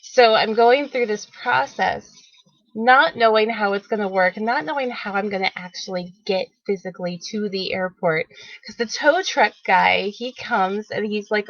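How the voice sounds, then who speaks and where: A woman hosting a wellness show, telling a personal story in a lively, animated way, acting out what people said and laughing often. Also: mid-range voice, normal speed, no room sound, dull audio.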